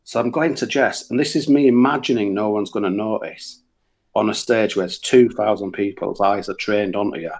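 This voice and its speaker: Speaking at a moderate pace in a lowish, creaky voice, a middle-aged man from Yorkshire tells crude tales full of swearing on a radio show. The chat is casual, and he acts out his anecdotes with put-on voices.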